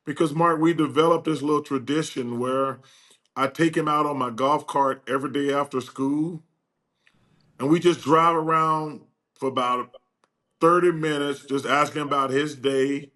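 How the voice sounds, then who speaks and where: An older man telling stories as a guest in a casual chat, acting out quoted dialogue with lively energy. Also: fairly high pitch, normal speed. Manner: animated, acts out quoted dialogue.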